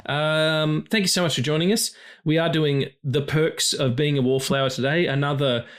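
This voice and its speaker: On this casual film podcast, the male co-host has a fairly high, steady voice at a normal speed. He rambles easily, curses often and leans heavily on filler words.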